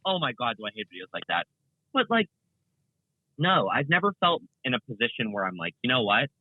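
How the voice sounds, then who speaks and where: A young man talks in a rambling, animated way, full of fillers and restarts, his pitch swinging widely. The sound is dry and tinny, like a phone line, coming in over a remote call. He speaks as a guest in a casual interview. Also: brisk, no echo. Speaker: guest content creator.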